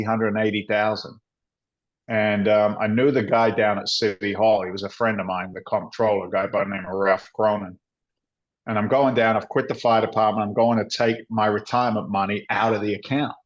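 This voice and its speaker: A man's voice: fairly low pitch, fairly quick. Blunt middle-aged man telling stories. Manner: animated storyteller, acts out dialogue, blunt and salty. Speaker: guest, former firefighter turned real estate investor. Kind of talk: conversational storytelling. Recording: dull lo-fi audio.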